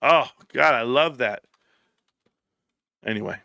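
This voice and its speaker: A man's voice: mid-range voice, takes it slowly, vocal fry, pushed and bright, no echo, studio quality. A man hosting a live stream, reading viewer comments and joking around in loose, profane banter.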